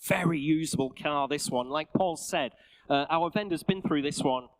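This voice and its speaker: A man with a Northern English accent calling bids at a live car auction, with rapid patter and jokey asides. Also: a little high, rough recording. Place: auction sale room.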